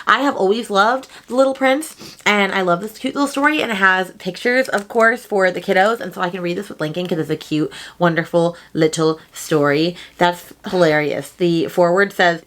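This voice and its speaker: A woman's voice: fairly low pitch, fairly bright tone. A young adult woman chatting casually about her book haul, rambling from one thought to the next. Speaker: book vlogger.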